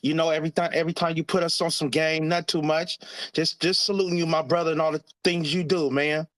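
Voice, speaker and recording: Male caller, slightly high voice, friendly and respectful. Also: level tone, fast talker, a bit bright. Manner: friendly and respectful, brief salute to the host. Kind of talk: casual call-in chat.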